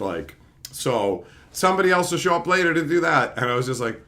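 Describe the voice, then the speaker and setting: A man's voice: a little high, a little fast. Tired, profane man telling a story. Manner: animated, profane, laughing asides. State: tired from lack of sleep. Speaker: channel host. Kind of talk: casual storytelling rant.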